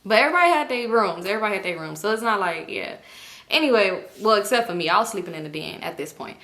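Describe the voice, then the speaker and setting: A woman, the vlogger of her channel, telling a story to her viewers in a casual, animated way, swearing freely and often breaking into laughter. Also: mid-range voice, fast. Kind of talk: storytime vlog.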